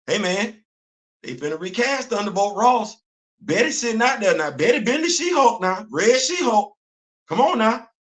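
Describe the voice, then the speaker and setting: Speaking at a moderate pace, a high-voiced man rants with animation as he hosts a relaxed livestream. He laughs often, repeats himself, and uses lots of slang.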